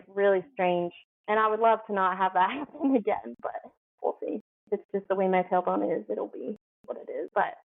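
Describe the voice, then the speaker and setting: Female guest, rambling storyteller voice, mid pitch, narrow phone audio. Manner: chatty, heavy use of "like", acts out quoted dialogue. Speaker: podcast guest. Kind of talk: casual storytelling.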